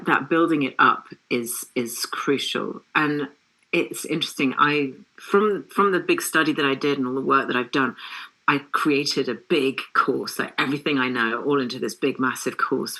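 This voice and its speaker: A middle-aged woman, a yoga teacher, chatting as a guest in an interview and telling stories with lively laughter. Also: very deep voice, low-quality recording. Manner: animated, laughing storyteller. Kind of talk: casual interview chat.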